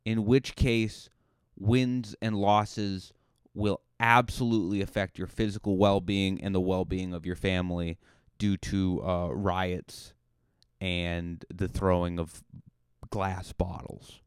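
Male podcast host, comic rambling monologue, clear low voice, dry close recording. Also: flat delivery, takes it slowly, no echo. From Cape Cod, Massachusetts. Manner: joking, rambling, self-deprecating. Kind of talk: comedic monologue.

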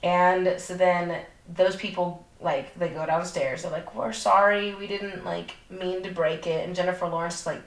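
A woman's voice: fairly low pitch, a little slow. A young woman co-hosting a podcast, retelling a movie plot in casual, profane chat, full of fillers. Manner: profane, animated storytelling with lots of fillers. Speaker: podcast co-host. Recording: echoey room.

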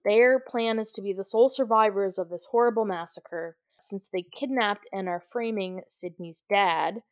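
A woman's voice: mid-range voice, moderate pace, dry recording, clean studio sound. Chatty, giggly woman recapping a film. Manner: chatty, giggly, many "like" fillers. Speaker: podcast co-host. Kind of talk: casual movie recap chat.

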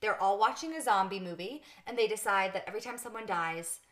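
Candid, animated woman podcast co-host. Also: mid-range voice. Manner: candid and animated, quick to laugh at herself. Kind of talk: casual book discussion chat.

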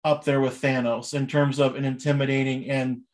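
A man's voice: mid-range voice, level tone, normal speed. A young man chatting casually as a podcast host, rambling and enthusiastic with many fillers. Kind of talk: casual chat.

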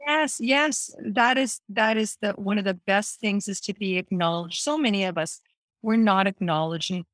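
A woman sharing wellness advice in an earnest, encouraging tone and leaning on her key words. Her voice has a medium pitch, and the sound is dry and close-miked. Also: normal speed, a bit bright, no room sound. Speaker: wellness speaker. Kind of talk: casual health talk.

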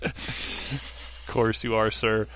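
A man's voice: fairly low pitch, level tone, extremely slow, a bit bright. A man co-hosting a podcast, reading a kids' mystery aloud with joking asides and fillers. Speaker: podcast co-host. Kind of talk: casual comedic read-aloud.

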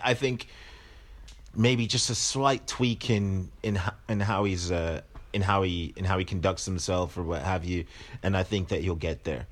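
A man in a casual podcast chat who talks haltingly, repeats words and laughs often. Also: deep voice, a bit bright.

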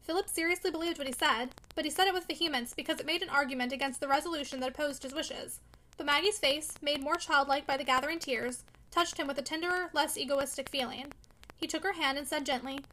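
A woman reading a classic novel aloud as an audiobook narrator, with brisk, even narration. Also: sits high. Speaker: audiobook reader.

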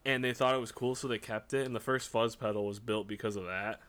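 A man's voice: lowish voice, steady tone, fast talker, a bit bright. An American man co-hosting a podcast, rambling in casual chat with lots of filler words. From United States.

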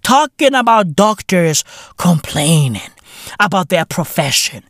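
A man's voice: high-pitched, unhurried, no room sound, studio quality. A man hosting a podcast, ranting in a profane, comedic way and peppering his talk with "right?". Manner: animated, profane, keeps asking "right?". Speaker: podcast host.

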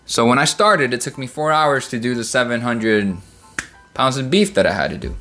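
A man's voice: medium pitch, normal speed, soft background music. A man who works as a kitchen middle manager, telling a work story in a profane, casual rant full of "right?" and "dude". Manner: swears constantly, lively storytelling, rhetorical "right?".

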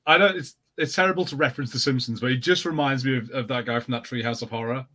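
A man's voice: mid-range voice, steady tone, fast, sharp tone. A man from the United Kingdom, co-hosting a casual podcast, joking around and explaining how words are used. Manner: jokey, explains word usage. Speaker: podcast co-host. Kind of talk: casual chat.

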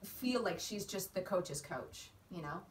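A woman's voice: lowish voice, animated, measured pace. A woman riding coach chatting casually on a podcast, explaining things in depth and laughing often. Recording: roomy, distant mic, faint background noise.

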